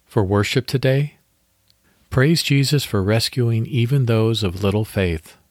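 A man hosting a devotional podcast, reading scripture slowly and leading a guided meditation. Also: medium pitch, no room sound, clean studio sound.

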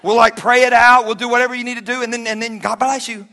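A man in his forties preaching a sermon, telling personal stories with animated swings between shouts and hushed asides, joking with the congregation. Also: very high voice, quick pace, vocal fry. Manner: jokey and conversational with the congregation.

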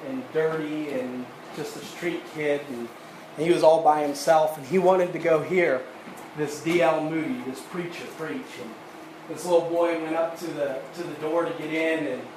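Male preacher, slightly high voice, halting sermon storytelling, distant mic in a reverberant sanctuary. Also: steady tone, a little mellow. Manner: halting, repeats words, builds to fervent emphasis. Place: church sanctuary. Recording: echoey room, distant mic, noisy.

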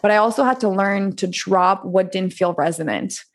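A woman's voice: mid-range voice, normal speed, creaky. Woman in her thirties from France, a candid podcast guest with a mid-range voice who chats loosely and swears. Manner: candid and chatty, heavy use of "like", swears freely. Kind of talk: casual interview storytelling.

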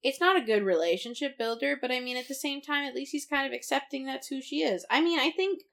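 A woman recapping a TV episode in casual chat, sarcastic and profane, retelling scenes with animated voices. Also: high-pitched, fast talker, vocal fry. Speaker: podcast co-host.

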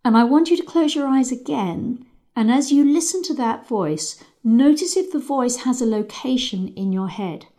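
A woman riding instructor leading a calm, measured visualisation exercise with frequent pauses. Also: fairly high pitch. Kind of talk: guided visualisation lesson.

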